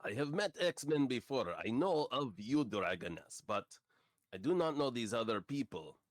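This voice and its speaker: A man's voice: mid-range voice, big pitch swings, normal speed, no room sound, studio quality, close to an everyday voice. A man voicing a terse male hero with a put-on Russian accent and clipped, broken English. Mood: stern.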